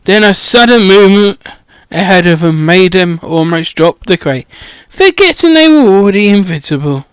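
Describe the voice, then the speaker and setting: A man's voice: high-pitched, very animated, normal speed, a bit bright, clear, resonant tone, no echo. A man reading a comedic parody audiobook through a headset mic, irreverent and swearing, often stumbling over words. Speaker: audiobook reader.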